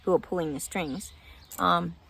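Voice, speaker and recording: A woman's voice: lowish voice, steady tone, moderate pace, creaky, a bit bright, breathy edge. A woman psychic vlogging her predictions outdoors in casual chat, often breaking off to talk to her dog.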